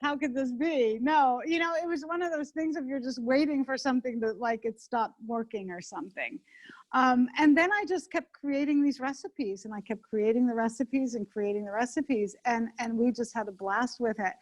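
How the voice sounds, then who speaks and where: Chatty high-voiced woman, dull recording. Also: moderate pace. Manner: chatty, rambling with many restarts. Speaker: interview guest, home chef. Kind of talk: casual interview chat. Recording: dull lo-fi sound.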